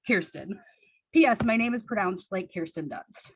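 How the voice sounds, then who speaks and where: A young woman reading her teenage diary aloud on stage, earnest and deadpan with wry asides. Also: medium pitch, normal speed, breathy edge, no room sound, poor audio. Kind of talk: comic reading of childhood diary.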